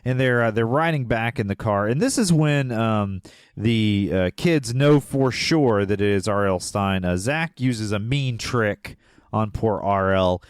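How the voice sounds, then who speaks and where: A man's voice: on the low side, a little slow, clean tone, no room sound, clean studio sound. A man in his forties, a podcast co-host casually recapping a movie plot, rambling with many filler words. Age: 40s.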